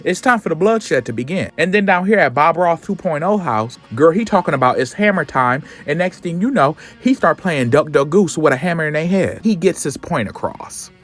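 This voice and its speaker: A man retelling a comic story in casual, slangy, animated chat. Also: a little high, moderate pace, hardly any pauses, soft background music. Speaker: comic recap host.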